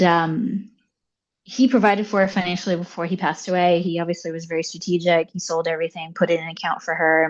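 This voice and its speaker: A woman guest telling a personal story in conversation, animated and full of fillers like "like" and "you know". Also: lowish voice, highs cut off. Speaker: podcast guest.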